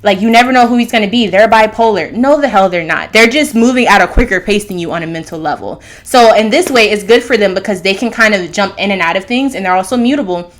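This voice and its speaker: A woman with an expressive mid-range voice talks at a quick pace, with few pauses, on her own astrology channel. Her casual monologue is loose and jumpy, full of fillers and restarts.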